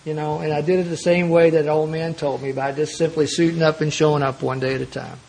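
Addressing a recovery meeting, a man tells his own story with humor, acting out the lines of the people involved. His voice is fairly high and a little mellow, level in tone, at a quick pace.

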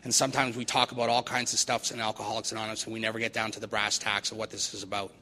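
A man gives an earnest recovery meeting talk and drives points home by repeating phrases. His voice is bright and forward. It rings with long reverb in a large hall, over a faint noise floor. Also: on the low side, flat delivery, very fast.

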